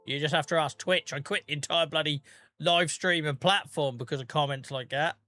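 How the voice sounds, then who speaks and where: A man's voice: on the high side, brisk, pushed and bright, faint music behind. A British man chatting casually on a live gaming stream, joking, teasing his chat and swearing freely. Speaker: game streamer.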